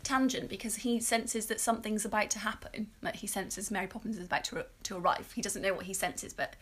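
A woman's voice: medium pitch, steady tone, a little fast, fairly bright tone. A woman in her thirties from England, co-hosting a podcast in casual, giggly, teasing chat. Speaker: podcast co-host.

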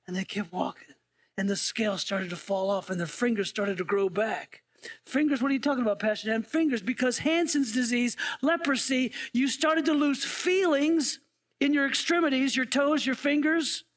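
A man's voice: extremely high pitch, moderate pace, a bit bright. A male interim pastor preaching a sermon in a conversational way, often asking the congregation playful questions.

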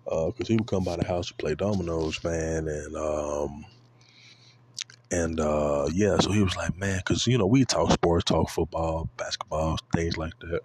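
A man in his twenties talking casually about basketball, profane and rambling, often adding "you know what I'm saying" and breaking into high-pitched outbursts. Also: measured pace, a little mellow, slight background noise. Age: 20s. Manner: bursts into high-pitched exclamations. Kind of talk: casual sports rant.

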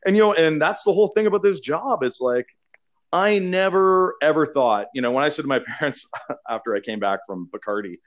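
A man from Canada telling stories in casual chat, animated and laughing as he acts out quotes. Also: fairly high pitch, a little fast. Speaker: beverage marketer.

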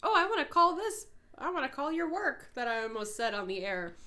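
A woman's voice: high voice, big pitch swings, a little fast, bright, forceful tone. A woman, co-hosting a podcast in goofy, teasing chat. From northern Minnesota. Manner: goofy, teasing, laughs often. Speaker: podcast co-host. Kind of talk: casual chat.

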